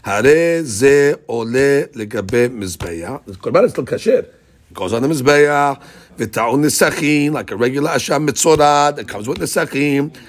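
A man's voice: mid-range voice, animated, moderate pace. A man teaching a daily Gemara class, asking rhetorical questions and mixing in Hebrew and Aramaic terms. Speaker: Talmud teacher.

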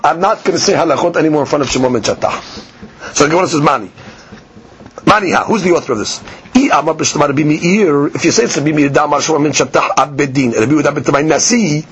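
A man teaching a daily Talmud lesson, reading Aramaic lines and explaining them in in an animated way. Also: fairly high pitch, slight background noise. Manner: explains Aramaic text line by line in English, animated. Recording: muffled lo-fi podcast recording.

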